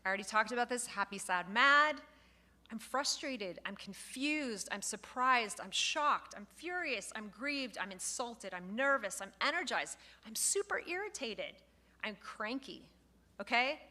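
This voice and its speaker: A woman instructor giving a lively lecture to a live class, acting out example phrases as she goes. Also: a little high, measured pace. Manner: lively, expressive, acts out quoted phrases.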